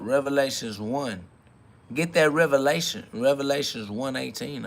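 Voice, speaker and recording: A man hosting a podcast, delivering a freewheeling spiritual monologue in street slang, quoting scripture and swinging between loud hype and low murmurs. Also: normal speed, creaky. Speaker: podcast host.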